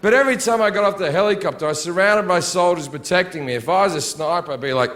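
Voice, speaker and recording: A man's voice: high-pitched, fast, a bit bright. A man doing stand-up, telling a story in a crude, sardonic way and acting out the scenes. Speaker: stand-up comedian.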